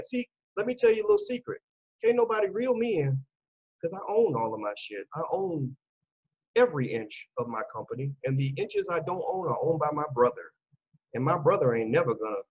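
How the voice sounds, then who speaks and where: Animated man, husky lo-fi voice. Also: medium pitch. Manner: animated and combative, acts out quoted voices. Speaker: channel host. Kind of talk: casual commentary monologue.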